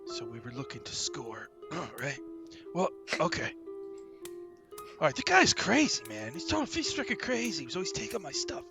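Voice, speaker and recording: A man's voice: fairly high pitch, huge pitch swings, normal speed, over music, pitched below the performer's own voice. A man voicing a twitchy, drug-addled male street dog who rambles in slang and gets defensive, in a tabletop game. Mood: rambling. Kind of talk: in-character role-play.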